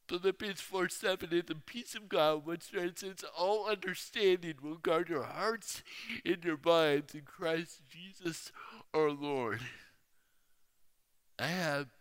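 Slow, high-voiced preaching man in a hall. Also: smooth. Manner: slow, emphatic storytelling preacher. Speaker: speaker. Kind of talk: sermon. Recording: reverberant hall.

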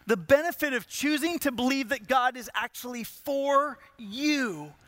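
A man from Southern California delivers a sermon in a very high, bright voice. He tells a personal story and slips into pleading, acted-out prayers. The sound is close and dry. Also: animated, unhurried, no echo. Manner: storytelling preacher who acts out prayers in a pleading voice. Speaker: pastor.

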